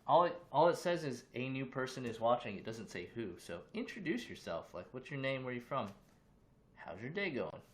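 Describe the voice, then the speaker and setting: Loose, chatty man hosting a livestream. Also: medium pitch. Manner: loose, chatty, greets viewers with questions. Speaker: livestream host. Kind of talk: casual livestream chat. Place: his own room.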